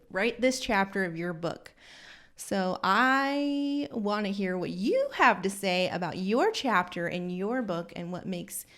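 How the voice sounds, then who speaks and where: A woman who owns a hair salon, hosting a podcast and telling a rambling, animated, self-deprecating story from inside her salon. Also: medium pitch. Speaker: salon owner and podcast host. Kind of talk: casual storytelling monologue.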